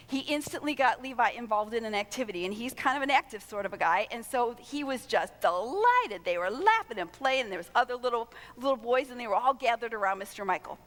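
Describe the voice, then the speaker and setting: An older woman with a fairly high voice speaks to a room of volunteers with inspirational warmth in her stories. She tells them in a lively way, acting out the lines of the people in them. Her voice rings with the long reverb of a large hall. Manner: lively storytelling with acted-out quotes. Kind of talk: inspirational conference talk.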